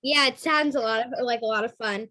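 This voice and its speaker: A woman's voice: fairly high pitch, fairly quick, sharp tone. A woman hosting an interview, asking friendly and encouraging questions. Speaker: interviewer host.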